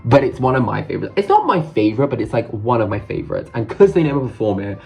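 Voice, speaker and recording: A man recounts his day straight to camera in a loose, casual vlog. He talks in a chatty, gushing way and tosses in casual swears. His voice sits at a middling pitch with a gravelly edge. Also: huge pitch swings, fast, dull audio, soft background music. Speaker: vlogger.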